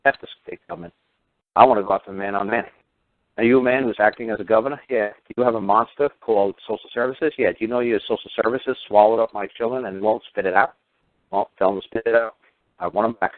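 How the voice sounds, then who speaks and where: A man's voice: fairly low pitch, fast, no room sound. A man delivering a heated radio rant, firing off combative rhetorical questions and swearing. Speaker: radio show talker. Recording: tinny phone-line radio audio.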